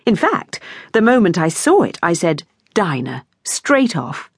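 A woman's voice: lowish voice, very animated, measured pace, slightly rough, dry recording, clean studio sound, exaggerated voice. A woman narrator voicing a chattering, gushing neighbour woman who is a mother, in an effusive, breathless manner, as an audiobook character.

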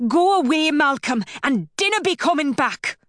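A woman's voice: high voice, lively intonation, normal speed, a bit bright, dry recording, studio quality, pitched above the performer's own voice. A woman voicing a pleading young Scottish woman. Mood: angry. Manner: pleading, tremulous.

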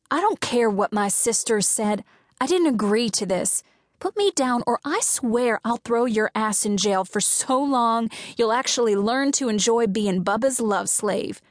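A woman reading as a young woman, blind and trapped, snaps and shouts at her captors. Her voice climbs high and loud with fury, recorded dry and close for an audiobook. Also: animated, measured pace, dry recording. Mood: furious. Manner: shrill, outraged shouting.

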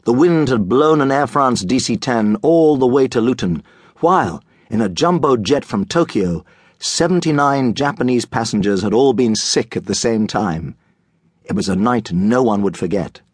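A man narrating a children's audiobook in a lively, comic storytelling manner. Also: mid-range voice, normal speed, slightly rough, dry recording, studio quality. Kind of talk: scripted children's book narration.

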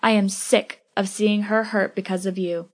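A woman's voice: mid-range voice, steady tone, moderate pace, lightly acted. A woman voicing a protective young woman who pleads earnestly with her best friend. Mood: defiant.

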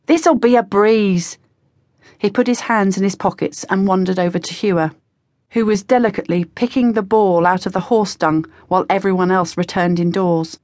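A woman's voice: mid-range voice, a little fast, darkish tone, no echo, studio quality. Woman narrating a teen novel. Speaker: audiobook narrator. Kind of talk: scripted narration.

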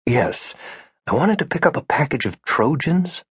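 A man voicing an uneasy young man in an audiobook, explaining himself in a quick, defensive way. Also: mid-range voice, expressive, no echo, studio quality, close to an everyday voice. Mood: quiet. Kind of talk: audiobook character voice.

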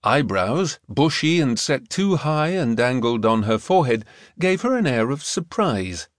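A male audiobook narrator performs scripted narration of a novel, measured and expressive throughout. His mid-range voice comes through a dry recording of studio quality.

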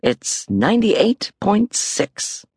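A woman voicing a patient mother who speaks calmly and a little doubtfully in an audiobook. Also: medium pitch, very slow, slightly rough, dry recording, studio quality, pitched above the performer's own voice, exaggerated voice. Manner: calm, gently doubting. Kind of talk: audiobook character voice.

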